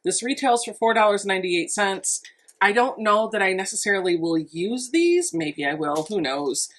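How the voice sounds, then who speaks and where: A woman with a mid-pitched voice talks through an unboxing for her quilting channel. She is chatty and upbeat, thinking out loud as she shows each item. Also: animated, normal speed. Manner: chatty and enthusiastic, thinking aloud. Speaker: quilting vlogger. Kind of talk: casual unboxing narration.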